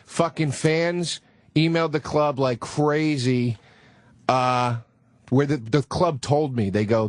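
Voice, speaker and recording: A man's voice: medium pitch, takes it slowly, dry recording. A comedian guest in casual, profane radio studio chat, plugging his shows.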